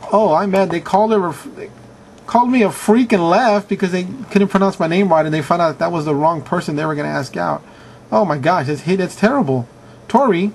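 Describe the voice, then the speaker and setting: A man's voice: sits high, a little fast, vocal fry, a little hiss or hum. A man casually reading out answers from viewers, chuckling and reacting with mock outrage. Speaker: video host reading answers. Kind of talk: casual commentary reading aloud.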